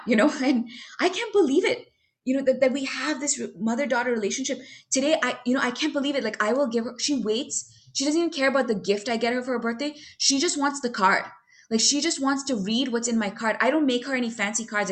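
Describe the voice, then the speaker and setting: A young adult woman giving a heartfelt, halting personal testimony about her recovery, full of fillers and restarts. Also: on the high side. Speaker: recovery speaker sharing her story.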